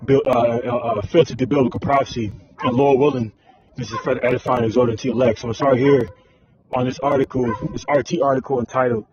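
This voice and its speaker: A man delivers loose religious commentary at a mid pitch, piling fillers between his phrases. The audio is dull and lo-fi, with a faint hiss beneath it. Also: fairly even intonation, fast talker, a little mellow. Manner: rambling with constant fillers like all right and man. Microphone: phone screen recording.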